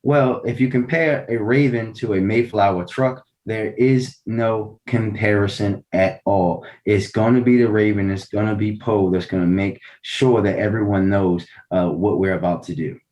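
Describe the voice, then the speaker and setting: A big-city mayor from Baltimore answers interview questions with proud, combative, playful trash talk about his city in boastful banter. His voice is on the low side and darkish, at a moderate pace with few pauses.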